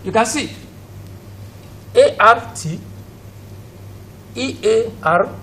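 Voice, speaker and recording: A man with a Nigerian accent teaches English pronunciation in a high, bright voice. He keeps asking his students questions and repeating each word as a drill. He sounds set back from the mic, with a faint hiss behind him. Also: expressive, drawn-out words, far from the mic, poor audio. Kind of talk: recorded classroom lesson for students at home.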